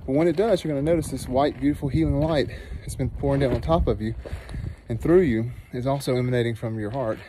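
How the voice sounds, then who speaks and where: Middle-aged guy vlogging outside, earnest storyteller, nurse voice, noisy open air behind him. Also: medium pitch. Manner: earnest, animated storytelling that turns soft and slow when guiding meditation. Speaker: nurse and meditation teacher. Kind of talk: outdoor storytelling vlog. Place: outdoors in a dry canyon.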